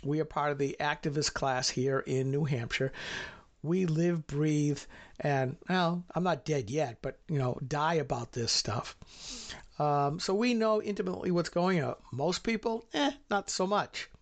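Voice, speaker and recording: A middle-aged man with a slightly higher voice co-hosts a political talk show. He rambles in a folksy way and often stops to restart his sentences. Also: unhurried.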